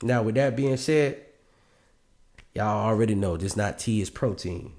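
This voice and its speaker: A man hosting a podcast, reacting to a clip and giving dating advice in a lively, mocking way, often laughing. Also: lowish voice, unhurried. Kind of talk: reaction commentary.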